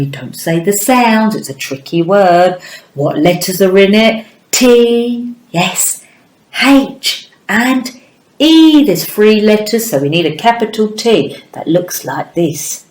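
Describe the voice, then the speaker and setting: A woman teaches phonics to young children at a very unhurried pace, drawing out each letter sound in a sing-song way. Her voice sits a little low for a woman. The room around her rings with echo. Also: darkish tone, a little hiss or hum. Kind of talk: early-years phonics lesson.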